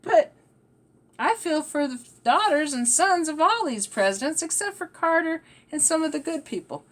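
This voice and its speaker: A woman's voice: high voice, expressive, normal speed, a bit bright. A woman vlogger talking in a rambling, emphatic monologue that trails off and restarts. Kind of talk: rambling spiritual-political monologue.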